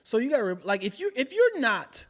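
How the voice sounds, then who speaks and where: Lively, laid-back man co-hosting a podcast. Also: a little fast. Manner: laid-back, drops to a low murmur, bursts into loud laughing shouts. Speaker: podcast co-host. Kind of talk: casual chat.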